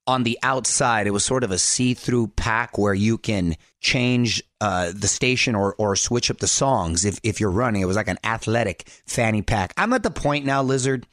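A middle-aged man hosting a radio show in an upbeat, jokey way, reading quick promos and chatting with his co-host. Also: on the low side, fairly bright tone, no echo, studio quality. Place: dry radio studio. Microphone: studio mic.

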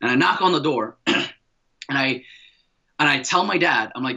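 Bright-voiced man telling a story. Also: mid-range voice, normal speed, pauses often, poor audio. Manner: energetic, repeats words, uses casual slang. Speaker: podcast guest. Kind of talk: animated personal storytelling.

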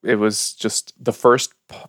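A man's voice: on the low side, little pitch movement, measured pace, a bit bright, no room sound, clean studio sound. A man from Ukraine hosting a casual podcast, upbeat and chatty, laughing easily. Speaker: podcast host.

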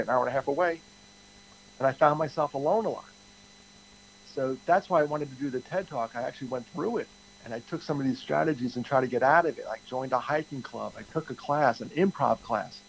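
A man's voice: mid-range voice, vocal fry, slight background noise, rough recording. A man in his fifties answering interview questions candidly, rambling and restarting his sentences often. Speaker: guest, TED speaker.

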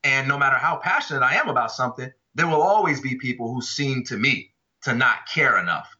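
Forceful, passionate man on a podcast. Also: mid-range voice, animated, a little fast. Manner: passionate, emphatic arguing. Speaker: podcast co-host. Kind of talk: casual podcast chat. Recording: dull lo-fi audio.

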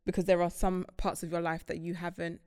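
A young woman, chatting casually and telling animated stories about married life. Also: fairly low pitch, brisk, smooth, no echo, studio quality. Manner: animated storytelling. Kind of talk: casual chat.

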